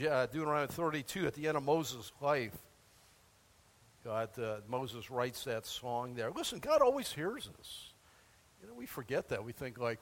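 A man delivers a sermon, his voice sitting high and swinging up and down with a lot of energy. He talks casually and often breaks into little acted-out voices for the people in his examples. His words ring out with the long reverb of a large hall. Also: breathy edge. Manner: animated, conversational, acts out quoted voices. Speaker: pastor.

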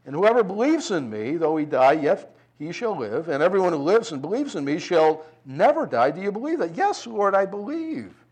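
A man preaching a sermon, reading scripture and explaining it in an expressive, conversational way, moving between loud emphasis and hushed tenderness. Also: on the high side, fairly quick, few pauses. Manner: conversational asides with light chuckles.

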